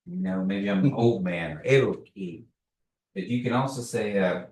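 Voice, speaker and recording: A man teaching a language class, patiently repeating words slowly for learners. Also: fairly low pitch, animated, a little mellow. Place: classroom, echoey room. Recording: echoey room, distant mic.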